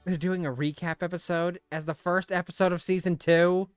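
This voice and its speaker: Chatty male let's-play host, slightly high voice, faint game music underneath. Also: normal speed, clean tone, dry recording. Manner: chatty, animated, laughs often. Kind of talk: casual gameplay commentary, reading game text aloud.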